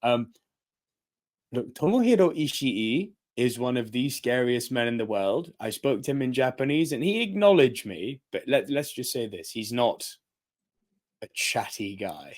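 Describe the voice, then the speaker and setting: A man's voice: medium pitch, very animated, a little slow. A man, co-hosting a casual chat and telling a story with lots of energy, acting out the voices of the people he quotes and laughing often. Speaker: podcast co-host.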